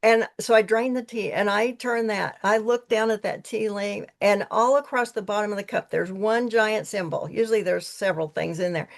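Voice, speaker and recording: Female guest, earnest rambling storyteller with a gravelly, creaky edge. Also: medium pitch, normal speed, hardly any pauses. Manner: earnest, rambling, with frequent restarts. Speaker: podcast guest, tea leaf reader. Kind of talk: casual storytelling conversation.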